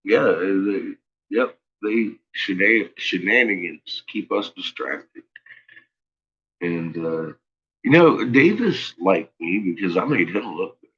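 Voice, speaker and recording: A man's voice: deep voice, lively intonation, slow, fairly bright tone, dull audio, slight background noise. A man talking in a rambling, casual monologue, swearing often and stumbling over his words. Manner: profane, stammering, rambling.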